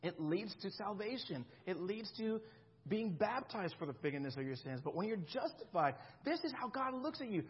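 Husky, high-voiced man preaching. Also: sing-song, moderate pace, muffled recording. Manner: conversational preaching, checks in with the congregation. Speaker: pastor. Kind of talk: sermon.

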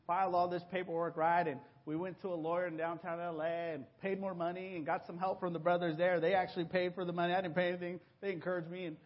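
A man from Mexico giving a personal testimony to his congregation, telling his story with animated exclamations and acted-out voices. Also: high voice, fast talker, few pauses, muffled recording. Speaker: church member giving a testimony.

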